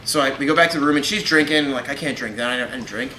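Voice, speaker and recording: Fast-talking profane man in his thirties. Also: mid-range voice, pushed and bright, echoey room, slight background noise, low-quality recording. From New York. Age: 30s. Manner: profane, rambling, laughing through his story. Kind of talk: crude storytelling banter.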